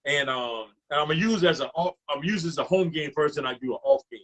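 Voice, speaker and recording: A middle-aged man with a fairly high voice, hosting a talk show as a retired coach. He is chatty and tells stories freely. He keeps addressing his guest by name. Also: fast, a bit bright. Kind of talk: casual interview talk.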